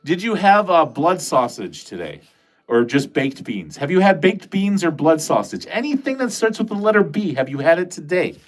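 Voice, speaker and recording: A man's voice: fairly high pitch, big pitch swings, normal speed. A middle-aged man hosting a casual livestream, rambling, joking and swearing as he talks to his chat. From New England. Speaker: livestream host. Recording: faint music behind.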